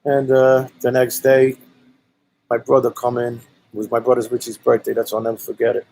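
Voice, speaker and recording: A man's voice: mid-range voice, monotone, moderate pace, gravelly, warm tone, a little hiss or hum, low-quality recording. A man from Brooklyn with a Brooklyn accent telling a story in a blunt, profane, rambling way, full of "you know"s. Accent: Brooklyn New York. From Brooklyn, New York. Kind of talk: casual spoken storytelling.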